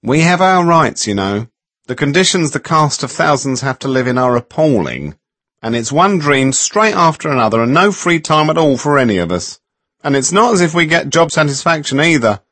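A man's voice: fairly high pitch, sing-song, normal speed, a bit bright, no echo, pitched above the performer's own voice. A man voicing a sulky, self-righteous young woman with a whine in her voice, in a storybook reading. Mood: whining.

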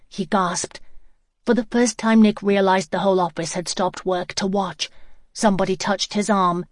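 In a dry, clean studio recording, an audiobook narrator with a medium-pitched voice reads a novel at a moderate pace. Her scripted storytelling stays steady and even.

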